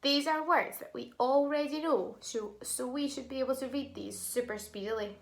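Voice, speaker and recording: A woman teaching a phonics lesson to young children, sounding out words syllable by syllable and praising them warmly. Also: high voice, normal speed, creaky.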